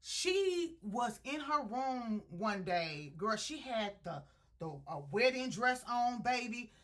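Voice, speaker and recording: A woman speaking recaps a book for her viewers in loose, chatty slang. Her voice is bright and forceful. She drifts into quick impressions of the characters as she goes. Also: on the high side. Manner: animated storyteller acting out characters' quotes with slang. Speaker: book reviewer. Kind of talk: casual spoiler-filled plot retelling.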